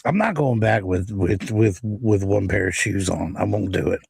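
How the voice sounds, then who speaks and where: A man's voice: lowish voice, moderate pace, creaky, darkish tone, breathy edge, dry recording. A man on a comics panel, joking and laughing often as he talks. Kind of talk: casual podcast chat.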